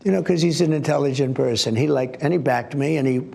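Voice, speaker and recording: A man's voice: mid-range voice, quick pace, creaky, warm tone. An older man answering in a TV interview, talking in a rambling, repetitive way.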